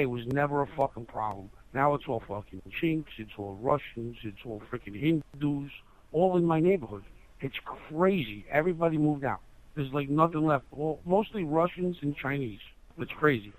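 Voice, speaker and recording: A man's voice: fairly high pitch, animated, normal speed, poor audio. A man with a New York accent in casual chat with friends, blunt and profane, rambling on.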